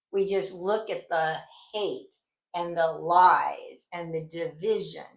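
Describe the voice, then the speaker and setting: A woman's voice: medium pitch, a bit bright, poor audio. A woman teaching a Bible study in an earnest, indignant, conversational way, rambling and restarting her sentences as she goes. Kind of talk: conversational devotional talk.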